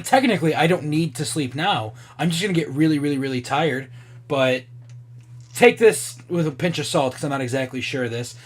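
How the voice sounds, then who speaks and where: A man in his twenties chatting casually on camera, thinking aloud and swearing freely as he reacts. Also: a little high. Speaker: vlogger.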